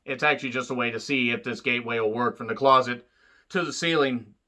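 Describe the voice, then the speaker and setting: A man's voice: fast talker, pushed and bright. A man casually recapping and reviewing a film, rambling and profane, with many fillers and wisecracks. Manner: jumps up in pitch when acting out quotes. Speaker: movie reviewer.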